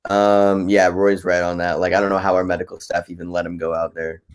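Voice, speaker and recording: A man talking basketball as a fan guest on a casual live stream, excitable and loose, saying "bro" and "like" a lot. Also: low voice, fairly quick, clean tone.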